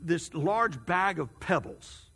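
A man's voice: high-pitched, expressive, takes it slowly, fairly bright tone, breathy edge, full character voice. A man voicing a friendly acquaintance who casually coaxes someone into a favor, in a reverberant hall. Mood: coaxing. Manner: casual, coaxing.

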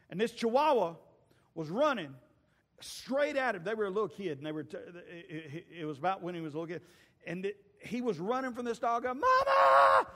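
A male pastor preaching a sermon, telling stories with acted voices and occasional shouts. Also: high voice, long reverb tail. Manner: storytelling preacher acting out voices, shouting at peaks. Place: church sanctuary.

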